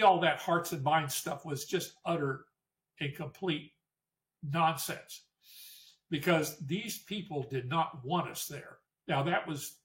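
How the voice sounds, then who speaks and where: A man's voice: fairly high pitch, fairly bright tone, far from the mic. An older man, a war veteran, telling memories to an audience in a storytelling way, with restarts and emphatic repetition. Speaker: Vietnam War veteran speaker.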